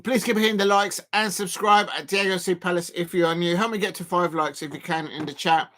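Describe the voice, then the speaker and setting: A man commentating live on a football match for his stream, rambling with many fillers and breaking into excited shouts at chances. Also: high-pitched, fairly quick. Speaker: football watch-along streamer.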